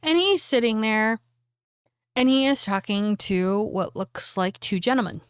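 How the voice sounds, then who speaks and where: A woman's voice: on the high side, lively intonation, a little slow, smooth, no echo, studio quality. Casual woman game master. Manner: casual and chatty, with fillers. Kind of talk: narrating a tabletop game.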